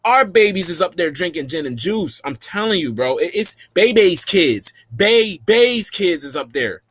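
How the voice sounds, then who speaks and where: A man telling a rambling, animated, slang-heavy story in a casual spiritual monologue. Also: high-pitched, unhurried, slightly rough, no room sound.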